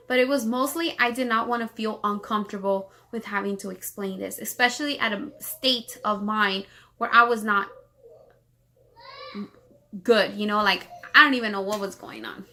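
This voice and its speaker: A woman from Los Angeles telling a personal story on her vlog, rambling fast with many fillers and restarts while holding back tears. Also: medium pitch, bright, forceful tone. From Los Angeles, United States. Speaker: vlogger.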